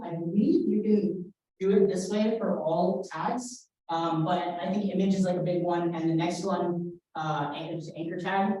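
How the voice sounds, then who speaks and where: A young woman instructs a workshop in a lecture room, casual and hesitant, with plenty of fillers and restarts. Her fairly low, mellow voice comes from far off the mic, with roomy echo and the highs cut off.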